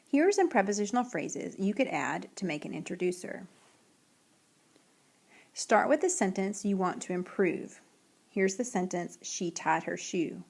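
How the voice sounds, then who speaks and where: Woman teacher with a gravelly edge, mid pitch, walking kids through sentences slow and clear. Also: a little mellow. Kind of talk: recorded classroom lesson.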